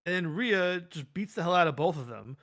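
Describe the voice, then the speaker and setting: A man with a high voice talks a little fast while co-hosting a livestreamed wrestling talk show. His casual chat is animated and rambling, and he acts out quotes as he goes.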